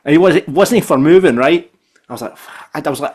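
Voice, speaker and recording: A man with a Scottish accent hosting a football podcast, telling stories in a chatty, animated way and often tagging "right?" onto his sentences. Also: a little high, a little fast, husky. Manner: animated storyteller, repeats "right?". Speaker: podcast host. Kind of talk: casual football podcast chat.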